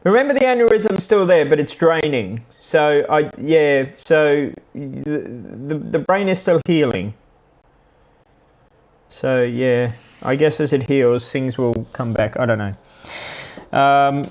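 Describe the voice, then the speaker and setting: A man, hosting a live stream and chatting casually with viewers in a rambling, halting way. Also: fairly high pitch, darkish tone. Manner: rambling, halting, with many restarts. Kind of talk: casual chat answering viewers.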